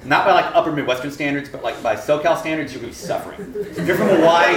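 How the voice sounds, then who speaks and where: Over a noisy crowd in a reverberant lecture room, a campus pastor with a slightly high voice preaches briskly. He tells a story in animated fashion, voicing both sides of the exchange and laughing as he goes.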